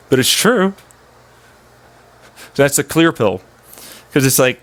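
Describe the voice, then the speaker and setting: A man's voice: mid-range voice, sing-song, takes it slowly, long pauses, a bit bright. A man ranting in a casual, profane, rambling monologue as a streamer, often slipping into mocking voices.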